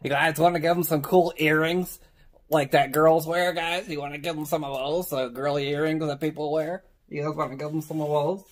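Brief: rambling, silly man, home basement commentary, slightly high voice. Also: little pitch movement, brisk. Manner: goofy, rambling, keeps saying guys, crude jokes. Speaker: YouTuber coloring on camera.

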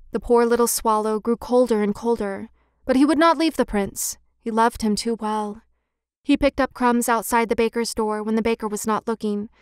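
A woman narrating a classic fairy tale audiobook in a measured, expressive reading style, on a close mic. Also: on the high side, smooth, no echo. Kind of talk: scripted storybook narration.

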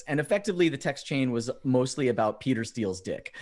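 A man telling funny stories as a podcast guest, animated and often laughing as he acts out quoted messages. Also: medium pitch, brisk. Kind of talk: casual storytelling chat.

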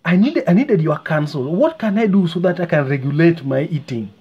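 A man's voice: fairly high pitch, expressive, brisk, muffled recording, slight background noise, lightly acted. A man playing a worried, out-of-work husband who stammers and pleads with his doctor. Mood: pleading.

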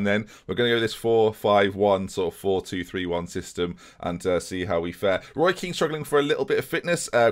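Man, lowish voice, chatty, self-deprecating, talks to viewers, let's-play host. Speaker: gaming YouTuber host. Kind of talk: casual let's-play commentary.

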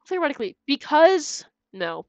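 A woman's voice: high-pitched, big pitch swings, unhurried, no echo. A young woman streaming a video game, chatting casually and giggling while she plays and talks to her chat. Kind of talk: casual gameplay commentary. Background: faint game music.

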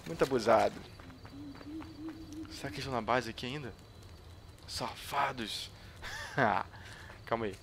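A Brazilian man with a mid-range voice narrates his game to viewers, excitable and joking, swearing freely. He slides between his own language and Brazilian-accented English. A faint hiss sits under the recording. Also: mid-range voice, rapid-fire, pauses often. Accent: Brazilian Portuguese. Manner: excitable, jokey, swears a lot, mixes in English. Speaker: gaming YouTuber. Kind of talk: gameplay commentary to viewers.

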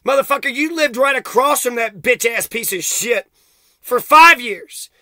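A man's voice: extremely high pitch, lively intonation, normal speed, bright, forceful tone, dry recording. A man ranting into the camera for his vlog, heated and accusatory, swearing constantly. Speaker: vlogger. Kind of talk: profane angry rant to camera.

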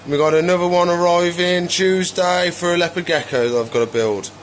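A man's voice: sits high, fairly quick, a little hiss or hum. A man casually chatting while showing his pet animals and tanks, rambling along with lots of easygoing fillers. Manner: rambling, relaxed, many "so yeah" fillers. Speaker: exotic pet keeper and vlogger.

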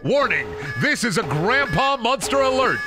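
A man's voice: extremely high pitch, very animated, normal speed, over music, pitched above the performer's own voice. A man voicing a frantic emergency alert announcer who blares urgent, repeated warnings. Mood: alarmed.

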